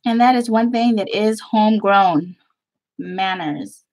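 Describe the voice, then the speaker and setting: A woman's voice: medium pitch, slow, darkish tone, low-quality recording. A Texan woman from Texas, a craft vlogger chatting casually to her viewers in a rambling way and laughing often.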